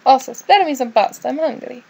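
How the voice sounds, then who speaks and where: A woman reading the lines of a grumpy, foul-mouthed young Italian man in a game, gruff and brusque, with a gravelly edge. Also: high voice, animated, brisk, a little mellow, voice pushed up, exaggerated voice. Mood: grumbling.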